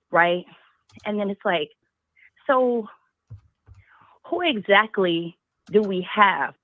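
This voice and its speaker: A woman's voice: on the low side, no room sound. A woman calling in to a talk show, speaking passionately and firing off rhetorical questions. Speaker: caller. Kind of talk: call-in talk. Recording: tinny phone line.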